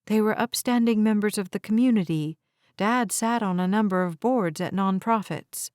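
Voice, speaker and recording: A woman narrator voicing a young woman with a deadpan, teasing way of talking. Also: medium pitch, moderate pace, smooth, dry recording, studio quality, lightly acted. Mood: wry.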